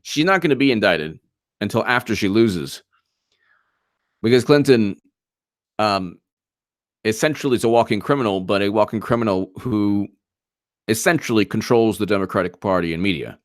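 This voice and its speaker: A man hosting casual live political commentary, sarcastic and animated, often restarting mid-sentence. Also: lowish voice, moderate pace, long pauses, dry recording, studio quality.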